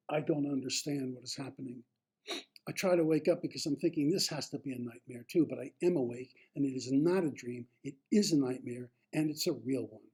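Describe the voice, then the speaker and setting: A man reading his own memoir aloud, slow and deliberate in the first person. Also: on the high side, darkish tone, husky.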